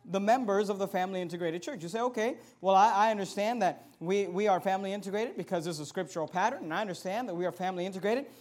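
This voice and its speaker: A man with a very high voice delivers a sermon to his church. He moves between calm, plain teaching and loud, emphatic peaks of preaching. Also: fast talker, hardly any pauses. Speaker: pastor.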